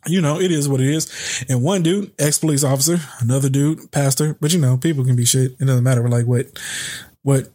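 A man's voice: mid-range voice, a little fast, mellow. A young man hosting a podcast who reads a news story aloud, then rants about it in heated, profane language. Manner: heated and profane, swears heavily. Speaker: podcast host.

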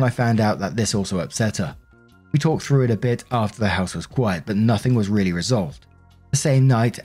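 Brief: low, husky male story narrator, faint music bed. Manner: steady first-person reading. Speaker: narrator of online stories. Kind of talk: reading a story aloud.

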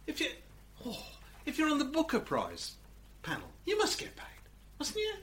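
Animated, high-pitched woman asking questions. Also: normal speed. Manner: quizzing, playful questions. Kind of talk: casual chat.

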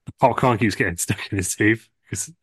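A man's voice: fairly low pitch, brisk, fairly bright tone, slightly rough, dry recording. A man co-hosting a podcast, telling a rambling comic story and giggling as he goes. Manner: giggling, meandering. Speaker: podcast co-host.

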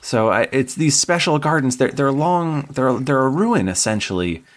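A man's voice: medium pitch, expressive, voice pushed up, lightly acted. A man voicing a wordy, nervous male scholar guide who stammers and repeats himself. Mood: rambling. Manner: stammering, halting, repeats words.

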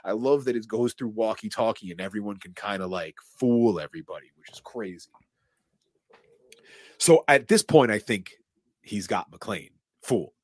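A man's voice: lowish voice, normal speed, no room sound. A man co-hosting a podcast, animatedly retelling a film scene by scene in casual chat and acting out the quotes. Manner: animated storyteller, acts out quotes and swears casually. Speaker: podcast co-host recapping a film.

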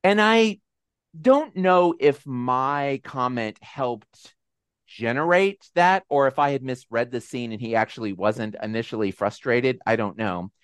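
A man hosting a video call with supporters, telling a personal story in a casual, animated, self-deprecating way. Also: medium pitch, unhurried, smooth, no echo. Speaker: host. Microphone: video call mic.

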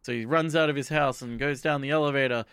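A man's voice: medium pitch, steady tone, fast talker, a bit bright, clear, resonant tone, no room sound, studio quality. A young man co-hosting a podcast, recapping an episode in casual, rambling chat full of fillers and swearing. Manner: rambling, profane, lots of fillers. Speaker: podcast co-host.

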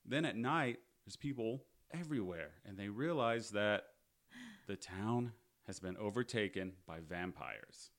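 A man's voice: lowish voice, lively intonation, unhurried, fairly bright tone. A man hosting a podcast, casually recapping a movie with sardonic, profane storytelling. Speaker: podcast host.

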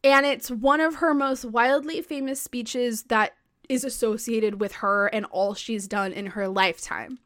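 A woman co-hosting a podcast, telling history in a casual, excitable way, full of "like" and the odd swear. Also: on the high side, a little slow. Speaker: podcast co-host.

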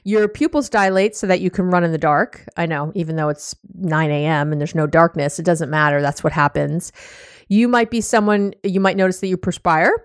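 Animated woman coach, dry close sound. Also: lowish voice, a little fast, dry recording. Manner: animated, acts out little quoted exchanges, frequent "you know"; warm and teasing with listeners. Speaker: relationship coach and podcast host. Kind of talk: casual explanatory talk.

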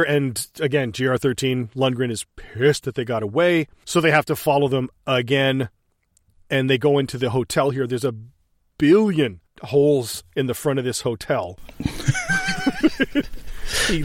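A man's voice: medium pitch, dry recording, clean studio sound. A man co-hosting a casual movie commentary, swearing freely, laughing and acting out scenes as he talks. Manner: profane, animated, laughing storyteller. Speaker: podcast co-host reviewing a movie.

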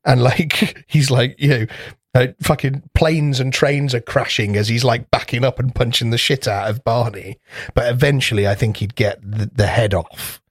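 A man's voice: medium pitch, fairly even intonation, moderate pace, breathy edge, no echo, studio quality. Rambling, laughing man. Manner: rambling, laughs often, swears freely. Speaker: podcast co-host. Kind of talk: casual chat.

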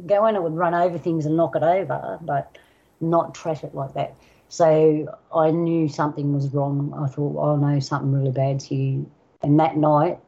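A woman's voice: low voice, flat delivery, moderate pace, mellow, breathy edge. An older Australian woman with an Australian accent, a guest telling personal stories vividly, acting out sounds and quoting voices. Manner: vivid storyteller, acts out sounds and quotes. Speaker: guest elder. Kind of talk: personal storytelling. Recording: dull lo-fi recording.

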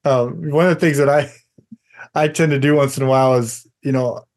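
A man co-hosting a faith podcast, talking in a relaxed, emphatic way and laughing often. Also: mid-range voice, a little fast. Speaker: podcast co-host. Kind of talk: casual faith discussion.

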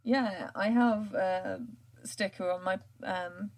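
A woman's voice: mid-range voice, steady tone, takes it slowly. A woman, hosting a podcast in casual chat, rambling with many fillers and frequent laughs. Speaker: podcast host and writer.

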